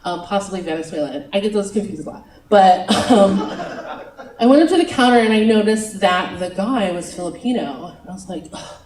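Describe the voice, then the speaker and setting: A woman's voice: mid-range voice, animated, a little fast, a little mellow, recorded from a distance, a little hiss or hum. A young woman doing a stand-up comedy set, chatty and self-mocking, giggling between lines. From United States. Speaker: stand-up comic. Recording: roomy venue, picked up from afar.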